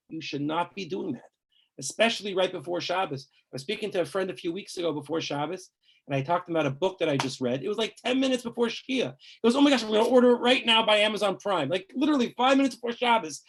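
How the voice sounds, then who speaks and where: A man's voice: high voice, husky. A man, a rabbi, teaching a class on religious law in a conversational, emphatic way, full of asides and rhetorical questions.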